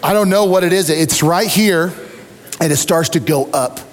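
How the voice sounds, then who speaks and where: A middle-aged man preaching a sermon as a pastor, telling animated, self-deprecating stories. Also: fairly high pitch, normal speed, in a large hall.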